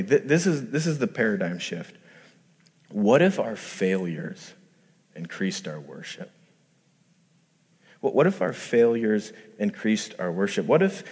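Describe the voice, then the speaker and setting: A male pastor giving a conversational sermon, acting out quoted voices and rising to emphatic peaks. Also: fairly low pitch. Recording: long hall reverb.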